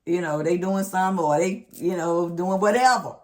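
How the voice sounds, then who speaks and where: A middle-aged woman, telling a family story in a casual, animated, expressive vlog. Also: on the low side, moderate pace. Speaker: vlog host.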